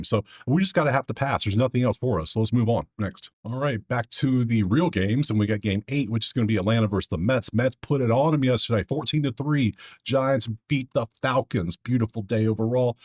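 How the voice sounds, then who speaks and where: A man's voice: mid-range voice, slightly rough. A man hosting a casual sports betting breakdown, talking to himself as he clicks through his sheets. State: out of breath.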